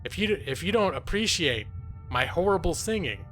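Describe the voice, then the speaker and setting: A man chatting through a live game stream, constantly joking at his own expense and breaking into laughter. His voice is bright and forceful and sits a bit high. Faint game music plays behind him. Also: lively intonation, moderate pace. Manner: jokey, giggly, self-mocking. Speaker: gaming streamer and lawyer. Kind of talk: casual live-stream commentary.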